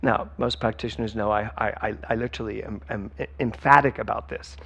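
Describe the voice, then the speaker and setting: A man's voice: fairly low pitch, steady tone, fairly quick, creaky, fairly bright tone. A man giving a sermon as a spiritual director, emphatic and conversational, talking straight to the congregation. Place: church sanctuary.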